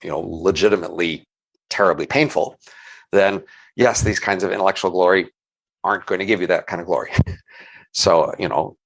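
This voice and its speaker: Low-voiced middle-aged guy on a podcast, thinking out loud, lots of restarts, careful hedging. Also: fairly quick, creaky, pauses often, poor audio. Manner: thoughtful, hedging, repeats words when restarting. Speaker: economist, podcast co-host. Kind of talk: casual intellectual conversation.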